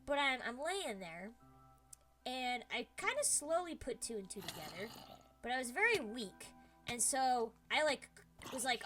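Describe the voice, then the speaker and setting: Bright, animated young woman telling a story. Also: fairly high pitch, a little slow, soft background music. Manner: animated, dramatic slang-filled retelling. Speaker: streamer. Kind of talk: casual storytelling.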